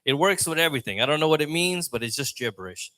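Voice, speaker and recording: An open mic comedian works a lounge stage mic with a loose, rambling stand-up set. His voice sits a little high, with lively intonation and a sharp tone. He talks fast in a chatty way.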